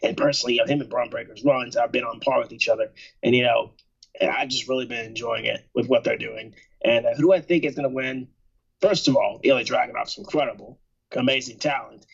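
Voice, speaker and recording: A man chats about wrestling as a podcast co-host, rambling and restarting his thoughts with a joking edge. His voice is slightly breathy and husky. The recording sounds muffled and lo-fi. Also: medium pitch, steady tone, brisk. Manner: rambling, repeats himself, jokey. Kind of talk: casual wrestling chat.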